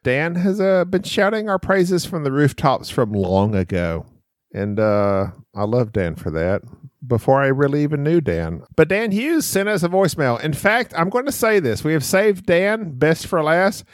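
A man's voice: a little high, big pitch swings, normal speed, no room sound, clean studio sound. A man co-hosting a podcast, playful and rambling in casual chat. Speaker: podcast co-host.

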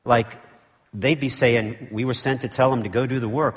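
A man preaches to his congregation, acting out the story with rising energy and rhetorical questions. His voice sits at a middling pitch. A long reverb from the church sanctuary trails behind every phrase. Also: moderate pace. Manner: animated storytelling, rhetorical questions, frequent "okay?". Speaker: pastor. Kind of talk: sermon.

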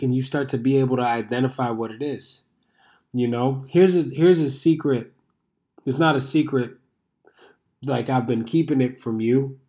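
A man's voice: mid-range voice, dark tone. A man in his thirties hosting a show, talking in a rambling, conversational way and swearing freely. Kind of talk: casual monologue.

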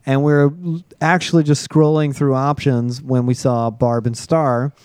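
A man recounting a story among friends at a middling pitch. He is animated and acts out the quotes, and the sound is dry and close. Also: moderate pace, clear, resonant tone, dry recording. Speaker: podcast co-host. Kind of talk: casual anecdote telling.

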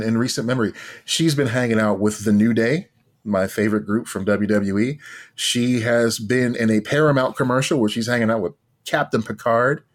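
A man co-hosting a podcast in loose, casual chat. His talk is wry and meandering, and he drops a swear word now and then for emphasis. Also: mid-range voice. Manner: wry, profane, drawn-out musing. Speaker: podcast co-host.

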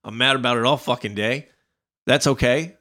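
A man's voice: mid-range voice, normal speed, bright, forceful tone. A man from New Jersey, co-hosting a podcast and ranting heatedly about work, often acting out his coworkers' voices. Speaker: podcast co-host. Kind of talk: casual profane chat.

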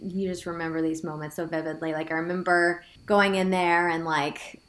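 A woman's voice: on the low side, little pitch movement, normal speed, fairly bright tone. Chatty woman telling her story, roomy. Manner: chatty, many "like" fillers, quotes herself. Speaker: guest sharing her story. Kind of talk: casual personal storytelling. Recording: roomy echo.

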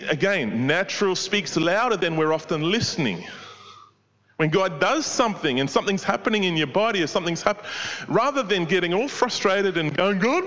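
A man's voice: high-pitched, a bit bright. Preacher man in a reverberant hall. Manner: expository, with rhetorical questions. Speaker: pastor. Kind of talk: sermon.

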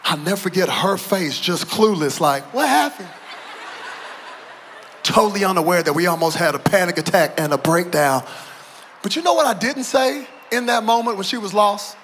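A middle-aged male pastor preaching a sermon to a church audience, moving between quiet storytelling and shouted, emphatic preaching. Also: sits high, expressive, moderate pace, a little hiss or hum. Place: church auditorium.

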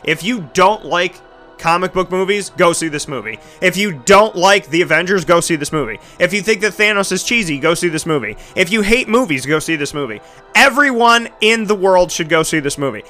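Bright high-voiced excitable man. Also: brisk, faint music behind. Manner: animated, emphatic, dramatic voice swings. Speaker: broadcaster and entertainment show host. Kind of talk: excited casual monologue.

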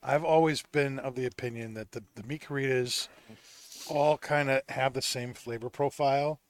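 A male host leading a relaxed tasting chat, with a mid-pitched voice and a measured, unhurried way of describing things. He leans on fillers as he thinks aloud. He is recorded live in a lounge. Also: no echo. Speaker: podcast host.

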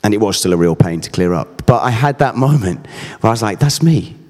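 A man's voice: on the low side, expressive, fast, darkish tone, big-room sound. A man in his thirties preaching a sermon, earnest and emphatic, mixing scripture with personal stories. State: briefly emotional.

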